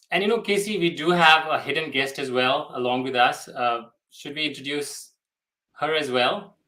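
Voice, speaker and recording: A man's voice: fairly high pitch, moderate pace, pushed and bright, low-quality recording. A man co-hosting a casual webinar, talking hesitantly with many fillers over a video call. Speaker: solutions architect and co-host.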